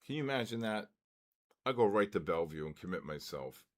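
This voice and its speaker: A man hosting a trading live stream, calling out giveaway winners in a drawn-out, repetitive way. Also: on the low side, lively intonation.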